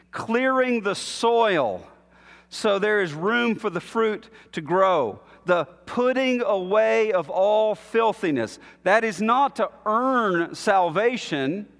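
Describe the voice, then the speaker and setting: Male pastor, high voice, slow emphatic sermon delivery, reverberant church hall. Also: vocal fry, fairly bright tone. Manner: measured, emphatic preaching with long pauses.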